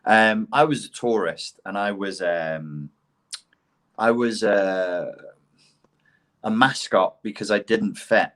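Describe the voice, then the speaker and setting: Low-voiced posh English man. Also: slow pace, long pauses. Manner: blunt and profane, animated storytelling. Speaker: podcast guest. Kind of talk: casual conversation.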